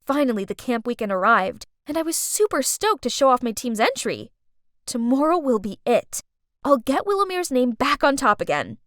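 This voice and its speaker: Expressive high-voiced woman storyteller. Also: normal speed, no echo, clean studio sound. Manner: expressive, dramatic first-person storytelling. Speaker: narrator. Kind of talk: animated story narration in first person.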